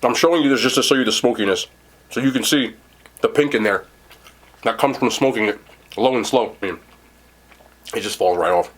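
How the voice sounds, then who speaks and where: This young New Jersey man's casual eating vlog has him reviewing food eagerly with his mouth full. His mid-range voice is brisk, broken up by long pauses.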